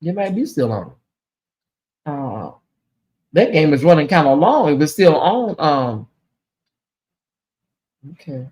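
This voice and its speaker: Sassy animated male livestream host. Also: a little high, slow, pauses often. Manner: animated, sassy, talks to viewers directly. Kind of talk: casual livestream chat.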